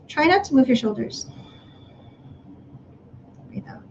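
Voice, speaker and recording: A woman speaking to parents in a live online workshop, gently guiding them through breathing exercises. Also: high voice, animated, takes it slowly, gravelly, lo-fi sound, a little hiss or hum.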